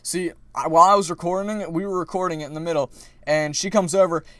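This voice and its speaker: A young man vlogging casually, retelling a story in a rambling, animated way with many restarts. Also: on the high side, quick pace, no echo.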